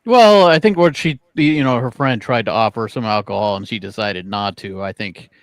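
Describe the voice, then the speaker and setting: A man's voice: fairly low pitch, normal speed, dry recording. A man on a casual review panel, speaking hesitantly and restarting his sentences. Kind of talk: casual chat.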